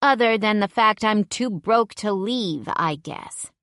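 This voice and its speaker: A narrator puts on a tired, brassy young woman stuck in her small town, sassy and drawling. Her lines come up in pitch over a dry, close sound. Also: animated, slow, a bit bright, no room sound. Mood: wry.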